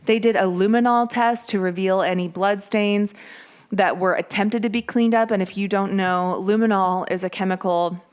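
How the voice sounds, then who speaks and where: Woman podcast host, casual true-crime storytelling, chatty, mid-pitched voice. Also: steady tone, normal speed, smooth. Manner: chatty, conversational with fillers.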